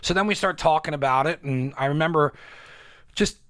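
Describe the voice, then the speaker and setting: A man chatting casually on a podcast, telling an excited story, swearing often and acting out what people said. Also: a little high, fairly quick, no echo, studio quality. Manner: excited storytelling, heavy swearing, acts out quotes. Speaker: podcast guest, bagel baker. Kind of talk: casual chat.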